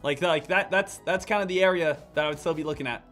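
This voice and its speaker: Bright-voiced man hosting a trading stream. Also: fairly high pitch, quick pace, faint music behind. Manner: animated, lecturing, addresses the chat directly. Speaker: day trading livestream host. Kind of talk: live trading commentary.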